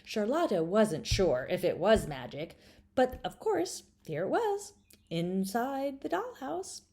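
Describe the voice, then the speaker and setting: A woman's voice: medium pitch, big pitch swings, takes it slowly, dark tone. A woman reading her own children's story aloud, playfully speaking straight to the listener and dropping to whispers.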